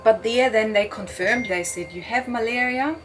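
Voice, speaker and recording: A middle-aged woman, an interview guest, recounting a personal experience earnestly and haltingly, with frequent fillers. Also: a little high, over music. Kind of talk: personal account in conversation.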